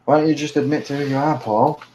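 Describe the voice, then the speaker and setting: A man's voice: on the high side, fairly even intonation, fast, a crowd in the background, rough recording. A man calling into a live stream, arguing in a pompous, formal manner. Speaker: caller. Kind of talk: heated live-stream argument.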